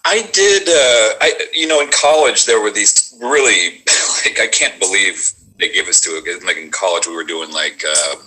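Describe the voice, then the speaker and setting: A man's voice: fairly low pitch, normal speed, hardly any pauses, bright, forceful tone, rough recording. A man, an actor, chatting casually and rambling about doing accents, with lots of fillers. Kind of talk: casual chat.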